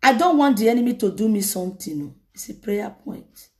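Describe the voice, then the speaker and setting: A woman evangelist preaching a lively sermon, telling a story dramatically. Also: fairly high pitch, a little fast. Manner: animated, laughing, dramatic retelling.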